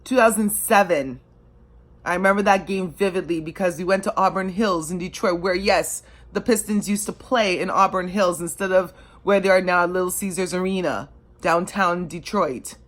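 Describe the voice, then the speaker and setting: A Canadian woman with a fairly low, somewhat bright voice tells the camera her story as a devoted sports fan. She's passionate and emotional, speaking conversationally and using lots of fillers.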